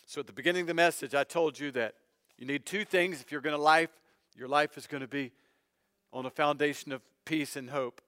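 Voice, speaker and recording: A male pastor preaching a sermon, speaking earnestly and directly to his listeners, swinging from loud emphatic phrases to hushed low ones. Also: a little fast, no room sound, studio quality. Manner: earnest, direct address to the congregation.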